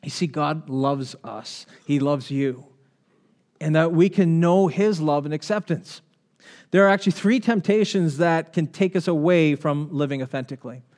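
A man's voice: on the high side, moderate pace, a little mellow. A man preaching a conversational sermon, reading scripture and asking the congregation questions. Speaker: pastor.

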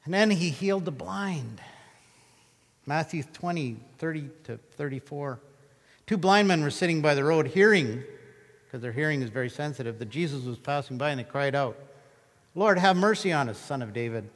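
A man delivering a sermon in a big space with a long reverb trailing each phrase. His voice sits a little on the high side for a man. He retells scripture scenes with lively, dramatic storytelling. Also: normal speed. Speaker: pastor.

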